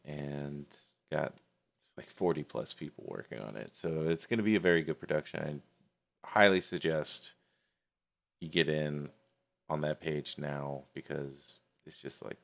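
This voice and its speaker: A man's voice: rumbling low, vocal fry. A man running a live 3D sculpting tutorial, laid-back and slangy, often asking "right?". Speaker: 3D sculpting instructor streaming live. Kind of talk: casual live software tutorial. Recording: background crowd chatter from a playing video.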